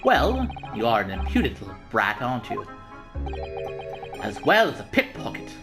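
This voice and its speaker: A man voicing a haughty upper-class English gentleman in a video game, with a pompous, formal and cutting manner. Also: medium pitch, huge pitch swings, moderate pace, over music.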